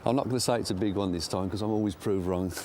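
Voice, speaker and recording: A man's voice: low-pitched, rapid-fire, slight background noise. An older man fishing at a lake outdoors, chatting casually and poking fun at himself as he plays a fish. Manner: self-deprecating, excitable. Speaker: angler co-presenter.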